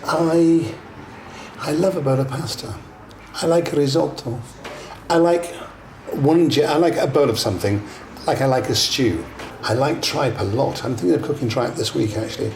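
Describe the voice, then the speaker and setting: A man's voice: medium pitch, normal speed, creaky. An older man chef, interviewed, talking in a blunt, chatty way with anecdotes. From England. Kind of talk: casual interview. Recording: echoey room with background noise.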